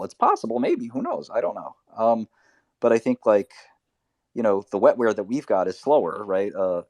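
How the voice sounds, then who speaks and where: A man's voice: lowish voice, darkish tone, dry recording, clean studio sound. A man hosting a live audio chat, thinking aloud in a rambling casual way with lots of fillers. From Albanian family background. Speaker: host. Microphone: remote voice chat.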